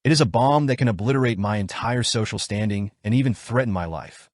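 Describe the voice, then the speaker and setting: A man narrating a story recap in the first person, with a brisk, wry storytelling manner. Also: on the low side, a little mellow, dry recording, studio quality.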